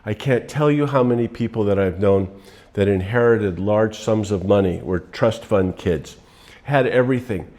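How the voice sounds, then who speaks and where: A man giving a relaxed, rambling motivational talk, telling stories to make his points. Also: on the low side, moderate pace. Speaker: motivational speaker.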